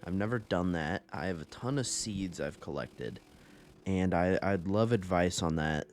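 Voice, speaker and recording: A man's voice: low-pitched, unhurried, a little hiss or hum. A young man rambling through casual gameplay commentary, laid-back and profane, often laughing at his own stories. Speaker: gaming YouTuber.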